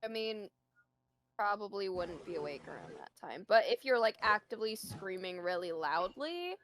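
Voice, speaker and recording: A woman playing in a tabletop game on a live stream, teasing and matter-of-fact, quick to laugh. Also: mid-range voice, lively intonation, fairly bright tone, slight background noise. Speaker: player. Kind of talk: casual chat at a tabletop game.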